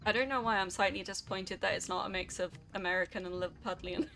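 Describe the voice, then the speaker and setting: Young female streamer, rambling and chatty; bright voice with a gravelly texture. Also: medium pitch, fast, faint music behind. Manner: rambling, chatty, filler-heavy. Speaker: game streamer. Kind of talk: casual chat reading stream chat.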